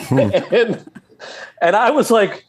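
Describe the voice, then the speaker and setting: A man's voice: medium pitch, a little fast. A man in his forties from New Jersey, a podcast guest telling a story and acting out the dialogue. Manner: animated, acts out quoted dialogue. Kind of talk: casual storytelling.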